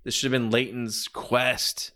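Rambling man pitching a wrestling angle. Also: level tone, unhurried, bright, forceful tone. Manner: rambling, many fillers, acts out quotes. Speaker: wrestling commentator. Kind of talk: casual spoken analysis.

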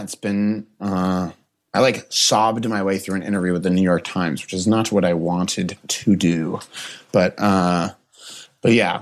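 A man with a low, deep voice chats as a comedian guest on a podcast. He talks earnestly and emotionally, stopping and restarting his sentences, leaning on fillers as he thinks aloud. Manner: halting, full of restarts and fillers. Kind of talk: casual podcast chat.

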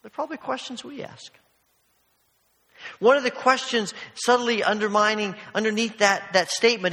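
Man, pastor, sermon, conversational storytelling, bright tense voice, reverberant church. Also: high-pitched, fairly even intonation, moderate pace. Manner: storytelling, conversational, many asides. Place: church sanctuary. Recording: long hall reverb.

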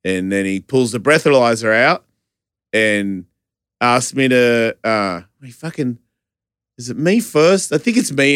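A man's voice: mid-range voice, smooth, dry recording, studio quality. A man telling a chaotic story in casual chat, swearing freely and laughing as he goes. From Australia. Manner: animated, profane, laughing storyteller.

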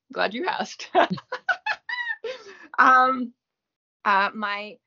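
A woman's voice: medium pitch, moderate pace, pushed and bright, highs cut off. A woman in her thirties whose first language is French, with a light French Canadian accent. She is an actress guest, chatting casually and self-deprecatingly with lots of fillers. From Gaspé, eastern Quebec, Canada. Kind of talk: casual interview chat.

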